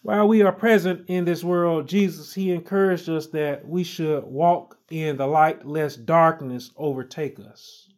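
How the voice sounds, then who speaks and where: Slow, emphatic man preaching. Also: on the high side, steady tone, darkish tone. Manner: slow, emphatic, repeats phrases with rising stress. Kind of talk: sermon.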